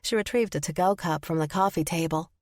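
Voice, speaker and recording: A woman narrating a first-person romance audiobook in an even storytelling manner. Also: fairly low pitch, fairly quick, no echo, clean studio sound.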